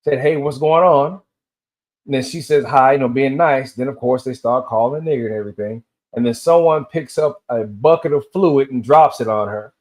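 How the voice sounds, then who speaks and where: 50s guy from tennessee just rambling on, storytelling, wanders off on tangents, mid pitch. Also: a little fast, a little mellow. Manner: loose storytelling, drifting between tangents. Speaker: vlogger. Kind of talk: rambling solo rant.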